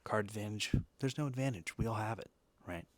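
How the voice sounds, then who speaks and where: A man's voice: lowish voice, a little fast, no room sound. A man hosting a casual talk, chatty and jokey, full of asides and tag questions. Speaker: host reviewing energy drinks and decks. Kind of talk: casual chat.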